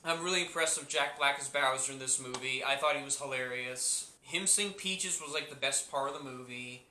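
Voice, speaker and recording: A man's voice: mid-range voice, normal speed, bright, forceful tone, reverberant, slight background noise. A man giving a casual spoken movie review, rambling and repeating himself with many restarts.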